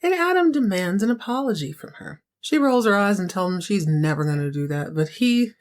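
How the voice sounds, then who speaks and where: A woman's voice: medium pitch, animated, a little fast. Sassy, chatty woman podcaster. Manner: sassy, chatty, many asides. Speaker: podcast host. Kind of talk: casual recap chat.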